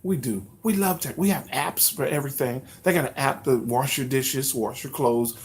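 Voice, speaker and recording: Male livestream host, casual chat, animated, mock-newscaster bits. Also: mid-range voice, moderate pace. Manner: animated, playfully mimics news announcements.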